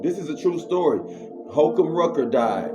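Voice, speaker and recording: A man vlogger telling a story in an animated, slangy way and then preaching, with sound effects he makes himself. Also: on the high side, normal speed. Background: music.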